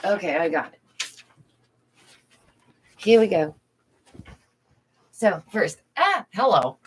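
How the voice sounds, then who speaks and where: A woman's voice: lowish voice, lively intonation, unhurried, pauses often, husky. A young woman, a streamer and art teacher, chatting casually to her viewers, laughing often and greeting them directly. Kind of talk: casual livestream chat. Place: indoors at home.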